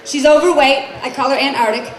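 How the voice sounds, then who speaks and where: On a club stage, a woman in her forties performs stand-up comedy in a high-pitched, brisk voice with fairly even intonation. She's brassy and chatty, questioning the crowd. The echoey room carries crowd laughter and general noise.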